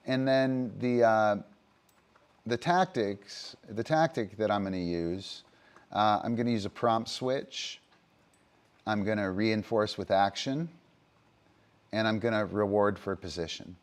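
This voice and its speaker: A man's voice: on the low side, slow pace, smooth. A man livestreaming as a dog trainer, explaining his methods casually with frequent fillers and "right?" checks.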